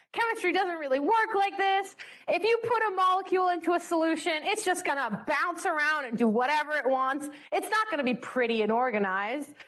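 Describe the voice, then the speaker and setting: A young woman runs a chemistry study session like a classroom lesson, bubbly, joking, and poking fun at herself. Her voice is high-pitched with a fairly bright tone.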